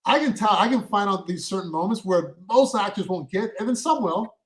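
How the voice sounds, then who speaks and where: High-voiced man explaining acting. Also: lively intonation, brisk, poor audio. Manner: explains at length with many restarts. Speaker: podcast co-host and actor. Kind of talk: casual chat.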